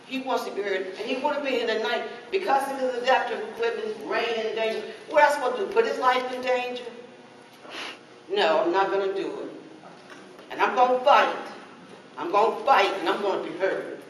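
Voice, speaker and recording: Her voice on the high side and her pace brisk, a middle-aged parent caregiver makes an emotional plea at a public forum, repeating her points. The audio comes from far away in an echoing, noisy meeting hall.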